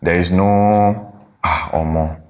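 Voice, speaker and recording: A young man with a Nigerian accent and a very low, deep voice chats casually as a podcast co-host. He speaks slowly and pauses to search for words, often checking that his listener follows. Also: steady tone, darkish tone. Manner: slow, searching, often asks "you get?". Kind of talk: casual couple chat.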